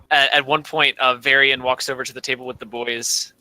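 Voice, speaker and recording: A man's voice: mid-range voice, steady tone, normal speed, sharp tone, rough recording. A man narrating as game master of a tabletop game, laughing often as he narrates.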